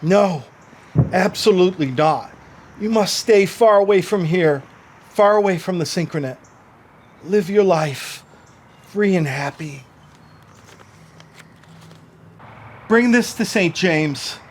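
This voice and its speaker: A man's voice: high voice, animated, unhurried, slight background noise. An actor playing a stern father who gives his son grave, commanding orders in a film drama. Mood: urgent. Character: stern, protective father facing danger.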